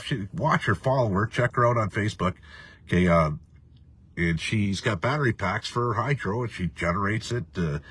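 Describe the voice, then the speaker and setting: A man with a very low, husky voice rants through a casual live chat, swearing freely and drifting between topics. His voice sits close and dry, with no room around it. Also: pushed and bright, no room sound. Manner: profane, rambling, laughs often. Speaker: livestream host reading viewer comments.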